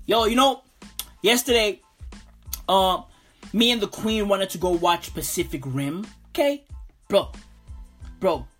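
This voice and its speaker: A woman's voice: fairly high pitch, slightly rough. A woman delivering a profane comic rant, repeating "bro" over and over. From South Africa. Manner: animated, profane, repetitive, keeps saying "bro".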